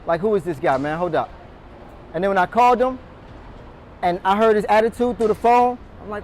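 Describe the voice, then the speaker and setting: A man's voice: high voice, brisk, long pauses, slight background noise. A man giving a motivational talk to a room of door-to-door salespeople, quizzing them and calling on them to answer. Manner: energetic, calls on the audience, quizzes the room. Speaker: motivational speaker. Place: meeting room with a live audience.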